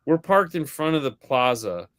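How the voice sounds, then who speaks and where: A man co-hosting a podcast in casual chat, telling a story in a lively way and acting out the voices of the people in it, swearing now and then. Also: medium pitch, moderate pace, smooth, dry recording, clean studio sound. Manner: animated storyteller acting out quoted dialogue. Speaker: podcast co-host.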